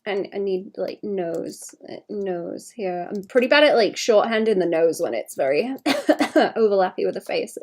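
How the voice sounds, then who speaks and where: Here a woman illustrator livestreams her drawing, chatting casually and rambling to chat in between, with a slight cough. She speaks at a moderate pace in a medium-pitched voice with lively intonation.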